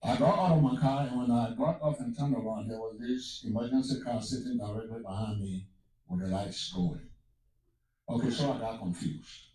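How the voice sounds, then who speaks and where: A man's voice: medium pitch, moderate pace, warm tone, very echoey, distant mic, rough recording. A man from Africa telling a personal testimony as a sermon, mixing storytelling with exclamations of praise. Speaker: preacher.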